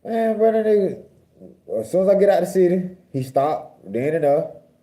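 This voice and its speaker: Dark-voiced young man telling a story. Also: high voice, normal speed. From Georgia, US. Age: young adult. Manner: profane, animated storyteller. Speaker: vlogger. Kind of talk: casual storytelling.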